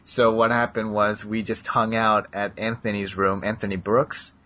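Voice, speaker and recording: On a dull, lo-fi recording, a podcast co-host chats casually, rambling and filling gaps with fillers and laughter. His voice sits on the low side, with a level, sharp tone at a moderate pace.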